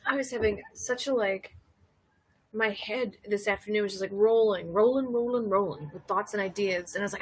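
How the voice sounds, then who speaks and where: Breathy woman, thirties, loose chatty livestream host, giggly storyteller. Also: mid-range voice, moderate pace. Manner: rambling, laughing storyteller reading chat. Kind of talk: casual drinking livestream chat.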